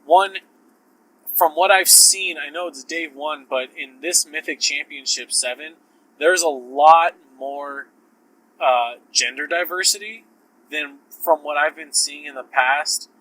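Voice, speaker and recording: A man's voice: fairly high pitch, unhurried, bright, forceful tone, rough recording. A man hosting a podcast, with a sore throat, talking casually in a rambling, profane, self-interrupting way. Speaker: podcast host. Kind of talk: casual solo podcast talk.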